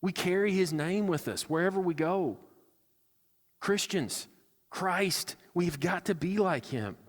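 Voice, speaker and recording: A man's voice: high voice, slow. A male pastor preaching a sermon, earnest and conversational, slipping into acted-out asides. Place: church sanctuary. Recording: church hall with long reverb.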